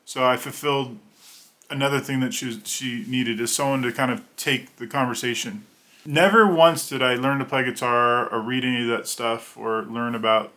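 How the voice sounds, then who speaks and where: A man in his thirties with a bright, forward tone talks to the camera in a loose, rambling way. He slips into quick voices for the people in his stories, then drops back into easy, plain chat. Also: mid-range voice. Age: 30s. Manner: rambling, conversational, acts out voices in anecdotes. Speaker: children's book illustrator. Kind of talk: personal storytelling to camera.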